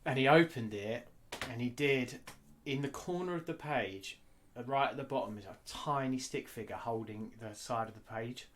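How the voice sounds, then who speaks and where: A man talking candidly in an interview, blunt and animated, swearing freely. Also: mid-range voice, moderate pace, a little hiss or hum. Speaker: guest artist.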